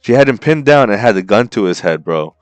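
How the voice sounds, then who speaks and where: A man co-hosting a podcast, recapping a story in an excited, slangy way and calling his co-host bro and dude. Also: fairly low pitch, fairly quick, clear, resonant tone, no room sound, soft background music. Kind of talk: casual chat.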